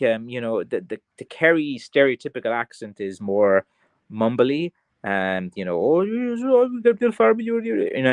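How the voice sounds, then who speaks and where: This Irish craft seller speaks at a fairly low pitch in a dry recording. He's hosting a casual livestream, reading out viewer comments and chatting in a meandering style full of fillers and false starts.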